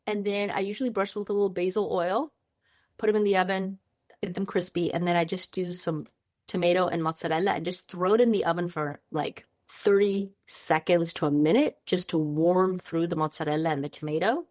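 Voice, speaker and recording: Bubbly lower-voiced woman chef. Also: fairly even intonation, a little fast, a little mellow, no echo, studio quality. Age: 50s. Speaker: chef and guest. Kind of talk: casual interview chat.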